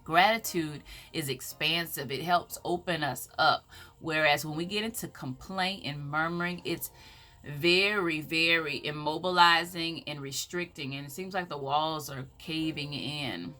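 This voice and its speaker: This empowerment speaker, a woman with a Southern American accent, has a deep, sharp voice and talks a little slowly against soft background music. Her faith talk is inspirational, emphatic and preacherly, with scripture quoted throughout.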